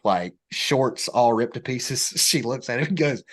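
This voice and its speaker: Guy on a podcast telling a funny story, lively, does the voices. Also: measured pace. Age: young adult. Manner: animated storyteller, acts out quotes in high voices. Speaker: podcast guest. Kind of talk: storytelling in casual chat.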